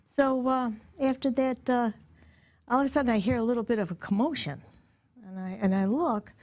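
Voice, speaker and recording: A middle-aged woman, a podcast guest, telling a story in a casual, animated way, laughing and swearing freely. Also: a little high, normal speed.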